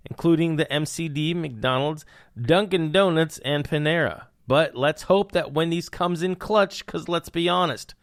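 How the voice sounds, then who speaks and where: A man's voice: a little high, vocal fry, no echo, studio quality. A young man hosting a podcast, riffing on news with puns and hyped, jokey asides. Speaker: podcast host. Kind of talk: comedic news commentary.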